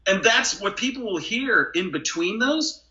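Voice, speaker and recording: A male comedian and impressionist chatting on a podcast, lively and quick to slip into impressions. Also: high voice, dull audio. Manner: animated, jumps into brief celebrity impressions. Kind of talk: casual podcast chat with quick impression demos.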